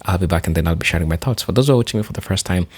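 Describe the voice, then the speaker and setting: A man's voice: sits low, animated, rapid-fire. A man from Kenya with a Kenyan accent, earnestly introducing a reaction video and appealing to viewers. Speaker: YouTube channel host.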